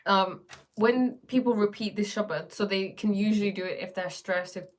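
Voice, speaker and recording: A woman's voice: mid-range voice, moderate pace. A woman chatting casually on a livestream, rambling with many fillers and reading viewer comments aloud. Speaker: livestream host.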